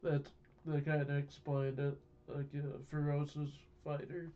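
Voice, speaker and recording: A man's voice: a little high, flat delivery, measured pace, dark tone. A man in a casual chat, adding brief explanatory remarks. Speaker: podcast co-host. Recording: dull, faint noise.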